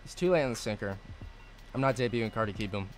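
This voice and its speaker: A man streaming live gameplay and answering his chat, cursing often and swinging between low mutters and angry outbursts. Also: animated, fast, soft background music. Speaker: gaming streamer.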